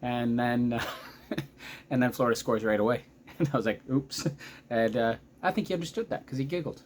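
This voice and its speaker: Excitable man recapping a hockey game. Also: mid-range voice, fairly quick, a little hiss or hum. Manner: excitable, chatty, loses track mid-sentence. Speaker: vlogger, hockey fan. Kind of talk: casual game recap commentary.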